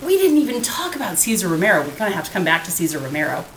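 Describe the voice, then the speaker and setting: Sex: woman. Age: around 40. Role: podcast co-host. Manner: animated ranting, frequent laughter. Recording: echoey room. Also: lowish voice, racing, slight background noise. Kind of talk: casual film-review chat.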